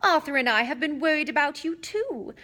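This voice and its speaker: A woman's voice: lively intonation, a little fast, pushed and bright. A woman reading aloud, voicing a fierce, scolding middle-aged witch mother who fusses over a guest. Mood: fussing. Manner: shrill, scolding, then fussing kindly.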